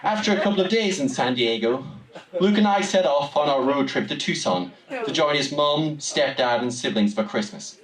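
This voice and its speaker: A man's voice: fairly high pitch, lively intonation, normal speed, a crowd in the background. A young man from Newcastle with a Geordie accent, telling a wry, comic story live on stage in a small venue. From Newcastle, England. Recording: roomy room, distant mic, audience.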